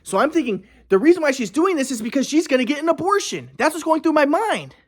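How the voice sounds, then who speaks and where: A man's voice: very high-pitched, big pitch swings, quick pace. Agitated, rambling man telling his story. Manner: agitated, profane, repeats and restarts.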